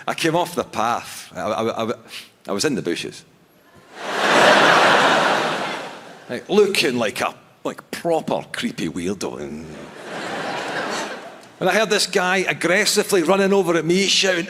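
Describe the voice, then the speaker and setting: A man performing a stand-up set on a theatre stage, with a halting, self-mocking delivery full of restarts. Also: on the high side, sing-song, sharp tone. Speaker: stand-up comedian. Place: large theatre stage before a live audience. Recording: long theatre reverb.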